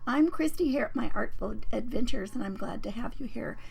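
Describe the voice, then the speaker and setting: Chatty woman with a gravelly voice. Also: fairly high pitch, brisk, a little mellow. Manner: chatty, rambling, with many fillers and restarts. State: croaky. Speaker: host of a papercraft livestream. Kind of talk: casual live-stream chat.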